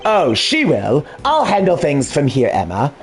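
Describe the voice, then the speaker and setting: A cool, calculating investigator, as a man voices him in a fan game dub speaks low and measured, formal and deliberate. Faint game music sits under his lines. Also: huge pitch swings, exaggerated voice. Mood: composed. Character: composed, calculating male prosecutor-investigator.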